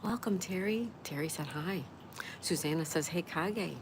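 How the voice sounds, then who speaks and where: Woman, deep voice, live-stream host, reads out chat and greets everyone by name, gushing thanks, noisy background. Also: a little slow. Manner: reads viewer comments aloud and greets each by name; warm gushing exclamations. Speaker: livestream host.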